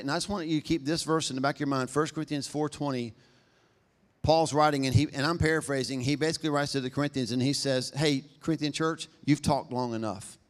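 A man preaching a sermon, talking fast and conversationally with a self-deprecating humor. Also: fairly high pitch. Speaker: pastor.

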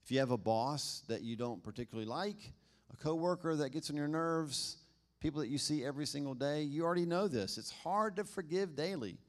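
A pastor with a slightly high voice speaks fairly quickly. He preaches his sermon casually and conversationally, often posing questions to the congregation.

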